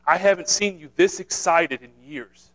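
A man voicing an older wife who gently calms her excited husband, softly and soothingly. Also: high-pitched, normal speed, low-quality recording. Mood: calming.

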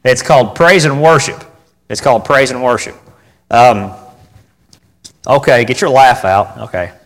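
A man's voice: medium pitch, unhurried. Man preaching in a reverberant hall. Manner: conversational, repeats phrases for emphasis, asks the audience for responses. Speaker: preacher teaching on church music. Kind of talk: informal sermon to a congregation.

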